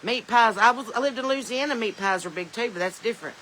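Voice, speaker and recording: Chatty Southern woman with a bright voice. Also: fairly high pitch, fast talker, slight background noise, rough recording. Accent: Southern American. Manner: chatty, joking, laughs often, drawling asides. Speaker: podcast host. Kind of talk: casual livestream chat reading viewer comments. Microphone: phone.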